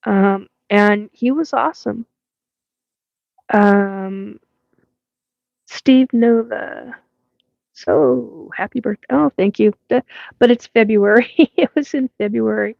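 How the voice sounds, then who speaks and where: Slow-talking woman in her fifties, laughing. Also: mid-range voice, gravelly, no room sound, dull audio. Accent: US West Coast. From Washington State, USA. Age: 50s. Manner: rambling, laughs often, many fillers. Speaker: livestream host. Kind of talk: casual live chat reading comments.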